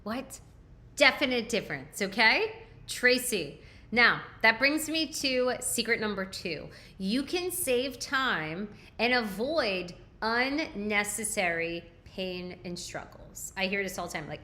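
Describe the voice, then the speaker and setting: A woman leads a live nutrition training with a bright, forceful, medium-pitched voice that is expressive and unhurried. She coaches emphatically, asking rhetorical questions and tagging lines with "okay?" to check in.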